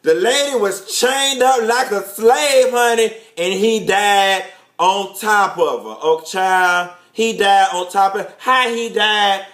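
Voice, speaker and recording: Sassy high-voiced man, echoey room. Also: slow pace, fairly bright tone. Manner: flamboyant, sassy, peppered with "honey" and "child". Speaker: show host and TV recapper. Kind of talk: animated gossip recap.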